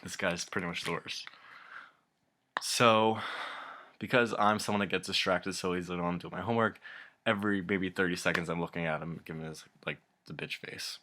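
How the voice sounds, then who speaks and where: A man's voice: sits low, fairly even intonation, fairly quick, sharp tone. A young man ranting casually to camera, rambling and exasperated, swearing a lot and often breaking into laughter. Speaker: vlogger.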